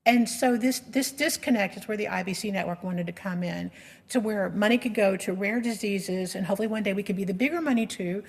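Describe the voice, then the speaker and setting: A woman's voice: medium pitch, a little mellow. A middle-aged woman telling her story as a patient advocate in an earnest, emotional way, with frequent restarts. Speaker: patient advocate giving a presentation. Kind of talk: personal storytelling presentation. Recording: long reverb of a lecture hall.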